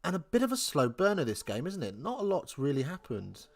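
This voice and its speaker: A man's voice: fairly high pitch, huge pitch swings, fairly quick, gravelly. Chatty young man hosting a rugby watch-along. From England. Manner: chatty, thinks aloud, answers viewer comments. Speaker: live watch-along host. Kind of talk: casual live match commentary.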